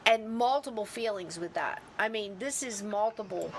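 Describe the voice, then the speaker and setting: A woman hosts a casual podcast chat, telling a story and bringing the people in it to life with quick voices. Her pitch sits in the middle range. A faint hiss runs under the recording. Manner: animated, acts out quoted people. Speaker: podcast host.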